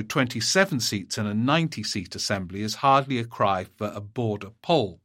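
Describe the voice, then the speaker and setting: A man hosting a political talk show, giving measured commentary and reading out listener emails, with frequent small pauses. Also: medium pitch, bright, forceful tone. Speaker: podcast host.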